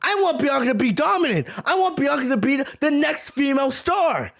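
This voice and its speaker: A man with a very high voice rants heatedly on his podcast. His pitch swings widely as he argues. He hammers points through repetition and shouts back at his chat. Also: animated, fairly quick, vocal fry. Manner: repeats words for emphasis. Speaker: podcast host. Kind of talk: heated wrestling review rant.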